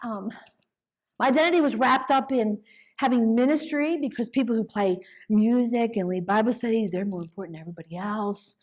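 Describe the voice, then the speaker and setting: A woman's voice: fairly high pitch, a little fast. A middle-aged woman speaking at a women's conference, telling her personal faith story in an earnest, emotional way. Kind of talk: personal testimony. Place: conference hall.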